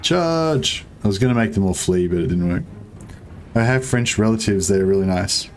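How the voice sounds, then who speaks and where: A young gaming streamer rambles through a strategy game, joking with viewers and dropping the occasional swear in casual commentary. He talks a little fast in a low, darkish voice, with faint music behind him.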